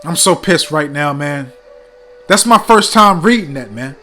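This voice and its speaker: A man's voice: on the high side, animated, unhurried, bright, forceful tone. A man hosting his own channel, reading a text aloud and breaking off with emphatic, impassioned asides. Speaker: online channel host.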